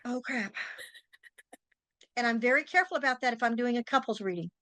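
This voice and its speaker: A woman's voice: a little high, expressive, racing, sharp tone, no room sound. A woman hosting a talk show as a psychic, chatting casually and telling anecdotes in a storytelling way. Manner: chatty storyteller, acts out quoted voices. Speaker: psychic and tarot teacher, podcast host. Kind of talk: casual interview chat.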